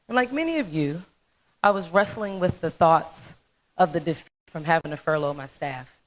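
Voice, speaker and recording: A woman's voice: deep voice, poor audio. Chatty woman telling a funny story. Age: 30s. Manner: animated, chatty storyteller with asides. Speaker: speaker at a dental festival talent show. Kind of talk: humorous storytelling speech.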